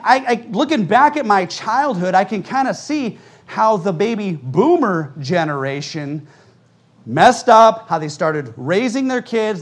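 High-voiced, animated preaching man. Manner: fast, animated delivery, acting out quoted people. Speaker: pastor. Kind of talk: fiery conference sermon with storytelling. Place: church conference hall with audience.

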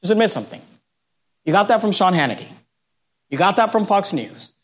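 A man with a high, light voice delivers a sermon. He preaches emphatically, slipping into mocking voices of the people he criticizes before landing his point. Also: big pitch swings, fairly quick. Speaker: pastor.

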